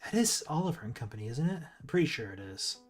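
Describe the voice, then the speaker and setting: A man's voice: medium pitch, big pitch swings, quick pace, breathy edge, soft background music. A man streaming casual commentary while ranking movies, rambling with restarts and asides.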